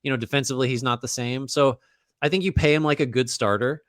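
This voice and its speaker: A man's voice: medium pitch, steady tone, quick pace, fairly bright tone, no room sound, studio quality. A man co-hosting a casual basketball podcast, thinking aloud with frequent restarts and fillers. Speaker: podcast co-host. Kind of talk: casual basketball analysis chat.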